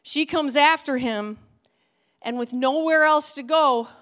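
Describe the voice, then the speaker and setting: Animated high-voiced woman preaching. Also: slow. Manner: animated, acts out characters' lines with big swings in pitch and volume. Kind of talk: sermon storytelling.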